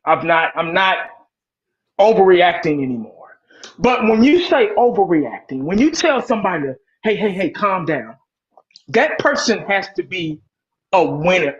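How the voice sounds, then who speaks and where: A man's voice: high-pitched, a bit bright. A man on a sports talk panel, rambling and impassioned, cursing and repeating his points. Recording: dull lo-fi call audio.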